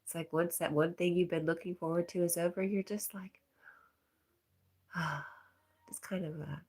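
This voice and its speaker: A woman hosting a livestream, reading out viewer comments in a casual, soft, often half-whispered way, with a stuffy nose. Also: on the low side, steady tone, normal speed. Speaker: livestream host.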